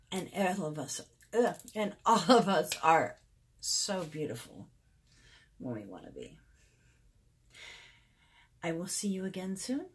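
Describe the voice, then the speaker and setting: A woman in her forties talking to camera in a personal vlog, soft and confiding. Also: medium pitch, husky. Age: 40s. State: out of breath. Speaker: beauty vlogger.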